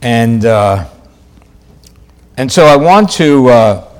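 A man delivers a sermon slowly with lively intonation, stressing and repeating key phrases. He shifts between loud, raised lines and quiet, low ones.

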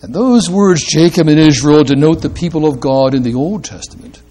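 A man preaching a sermon slowly and deliberately, rising to emphatic bursts and reading verse aloud. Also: on the high side, dark tone.

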